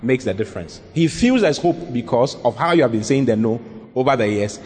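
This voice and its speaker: A male pastor with a medium-pitched, slightly mellow voice speaks briskly in a sing-song way. During a sermon Q&A he gives earnest, emphatic counsel and often repeats his points, all echoing with long reverb in a large hall.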